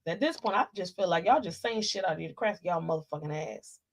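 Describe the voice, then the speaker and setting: A woman's voice: lowish voice, lively intonation, quick pace. A woman in casual commentary, ranting and cursing in an exasperated way, with speech. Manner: profane, loud, exasperated ranting. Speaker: commentary vlogger.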